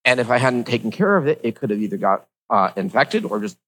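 A man's voice: mid-range voice, very animated, fast talker, fairly bright tone, husky, poor audio. A man telling a personal story to his viewers in a casual, rambling way, with lots of fillers and wry asides.

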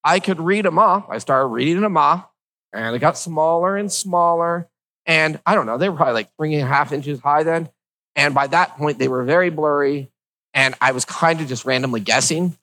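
A man's voice: on the high side, normal speed, sharp tone, rough recording. A man telling a personal story to his viewers in a casual, rambling way, with lots of fillers and wry asides.

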